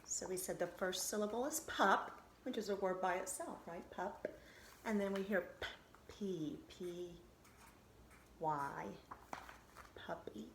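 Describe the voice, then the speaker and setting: A woman's voice: mid-range voice, slight background noise. Patient woman teaching phonics, echoey room. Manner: patient, sounds out syllables slowly and reassures. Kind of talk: recorded phonics lesson for children.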